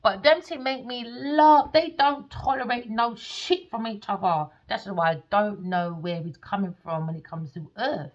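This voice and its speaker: A woman's voice: mid-range voice, unhurried, hardly any pauses, lo-fi sound. Blunt, sweary woman. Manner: blunt, swears freely, animated. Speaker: tarot reader. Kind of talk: casual storytelling monologue.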